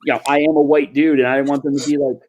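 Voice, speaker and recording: A man's voice: on the high side, rapid-fire, dull audio. A man chatting casually on a livestream, joking and swearing casually. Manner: animated, swears casually, jokey.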